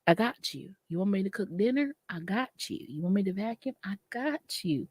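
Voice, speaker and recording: A woman's voice: medium pitch, animated, normal speed, darkish tone, husky, dry recording, clean studio sound. A woman from Massachusetts co-hosting a podcast, talking bluntly in casual chat and laughing often. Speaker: podcast co-host.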